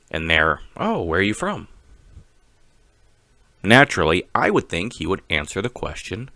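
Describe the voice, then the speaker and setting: A man with a Texas accent, giving a slow, deliberate and opinionated casual monologue to camera as a vlogger. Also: on the low side, sharp tone, no echo.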